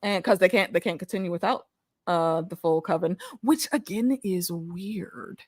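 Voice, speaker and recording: A woman hosting a casual show discussion, animated, laughing often and repeating her words as she talks. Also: fairly low pitch, normal speed, no room sound, clean studio sound. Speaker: host.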